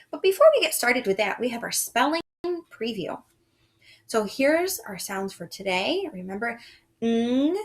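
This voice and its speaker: Woman teacher for young kids, measured pace, warm praise, animated melody. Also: fairly high pitch. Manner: slow, sing-song and encouraging, with frequent praise. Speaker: first grade teacher. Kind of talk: reading lesson for young children.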